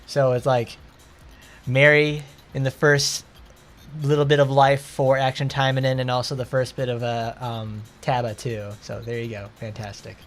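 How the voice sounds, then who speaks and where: A man with a Southern accent giving rambling, excitable commentary while playing a game. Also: mid-range voice, moderate pace, soft background music. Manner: rambling, excitable, lots of fillers. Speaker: gaming streamer.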